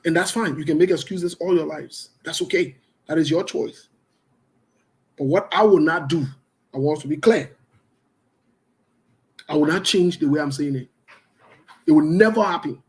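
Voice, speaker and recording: Defiant high-voiced radio host. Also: male voice, normal speed, long pauses, rough recording. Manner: defiant and passionate, repeats points for emphasis. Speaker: radio talk show host. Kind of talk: opinionated radio commentary.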